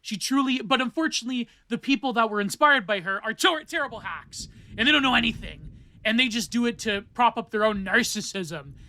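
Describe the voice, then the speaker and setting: High, bright-voiced rambling man. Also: expressive, a little fast. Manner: rambling, digressive, many fillers and self-corrections. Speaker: podcast host. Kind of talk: casual solo monologue on art theory.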